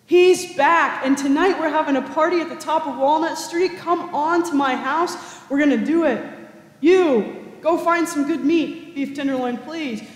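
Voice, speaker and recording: Loving older dad, as a man voices him, soft and pleading, high voice, lots of church echo. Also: fairly even intonation, normal speed, lightly acted. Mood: overjoyed. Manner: warm, pleading, soft-spoken. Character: loving aging father, gentle and generous. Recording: echoey cathedral reverb.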